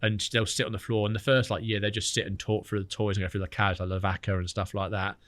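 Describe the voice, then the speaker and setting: A rapid, lively man in his thirties spins rambling stories packed with "like" and restarts. His voice sits slightly low yet sounds bright and forward. The sound is close and dry, with no room around it. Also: no room sound. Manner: chatty storyteller, lots of fillers. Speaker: podcast guest, angler. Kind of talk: casual chat.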